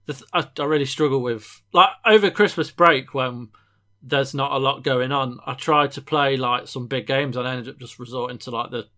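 A young English man co-hosting a podcast, excitable and chatty with frequent stammering restarts. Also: medium pitch, normal speed. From England. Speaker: podcast co-host. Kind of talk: casual podcast chat.

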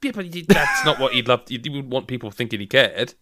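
Male co-host, casual chat, lively pitch, dry close sound, playful and stammering. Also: quick pace, no echo. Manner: animated, stammering restarts, playful. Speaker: podcast co-host.

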